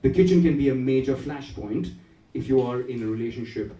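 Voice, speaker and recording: A man from India performs stand-up at a café comedy night, playful and often laughing at his own jokes. His warm, mid-range voice runs a little fast, picked up by a distant mic in a roomy, club-like space.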